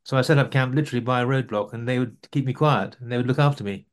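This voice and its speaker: A man's voice: medium pitch, rapid-fire. A man answering interview questions about his overland travels, rambling with frequent restarts.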